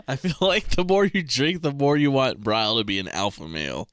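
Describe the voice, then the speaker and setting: A man's voice: medium pitch, very animated, moderate pace, fairly bright tone, dry recording, clean studio sound. A man co-hosting a podcast in casual chat, laughing a lot and prodding his friend with questions. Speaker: podcast co-host.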